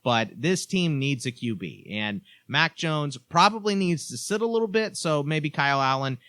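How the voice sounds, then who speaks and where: A man's voice: a little high, animated, normal speed, bright, forceful tone, no room sound. A man talking as a guest on a sports podcast, methodically laying out team stats. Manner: stat-heavy, methodical. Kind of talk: casual sports chat.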